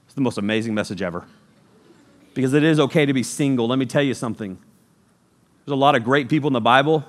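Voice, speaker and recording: Energetic preacher man in a reverberant hall. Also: medium pitch, fast talker. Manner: energetic, jokey, swings between loud and hushed. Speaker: youth pastor. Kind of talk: sermon. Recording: long reverb of a large hall.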